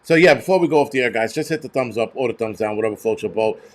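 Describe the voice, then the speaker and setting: A man's voice: medium pitch, racing. A man hosting a show, ranting heatedly with lots of swearing and stumbling restarts. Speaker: host. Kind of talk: profane ranting commentary.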